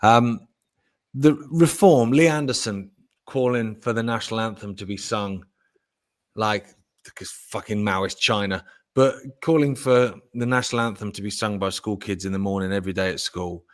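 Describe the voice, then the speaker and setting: A middle-aged man with a low voice, telling sweary, animated stories as a podcast co-host. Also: moderate pace. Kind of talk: casual chat.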